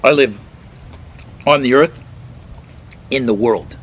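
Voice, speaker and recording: A man ranting casually and sarcastically, swearing and slipping into high mocking voices. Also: slow, rough recording.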